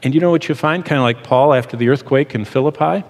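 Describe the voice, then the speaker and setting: A man's voice: mid-range voice, fast talker. A middle-aged man teaching a sermon in an earnest, emphatic, explanatory way. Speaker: Bible teacher. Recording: long hall reverb.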